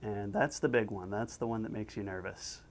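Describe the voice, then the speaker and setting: A man working as a storyboard artist, explaining in a behind-the-scenes interview, talking in an expressive way. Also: fairly low pitch, moderate pace.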